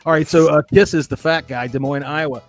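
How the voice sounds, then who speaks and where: A man's voice: on the high side, fairly even intonation, brisk. A man hosting a casual fan podcast, reading listener emails and joking with loose, profane talk. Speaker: podcast host.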